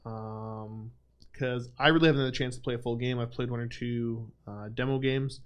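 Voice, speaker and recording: A man's voice: mid-range voice, steady tone, normal speed, smooth. Young male stream host, casual Q&A, self-deprecating, filler-heavy. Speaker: livestream host. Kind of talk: casual livestream Q&A chat.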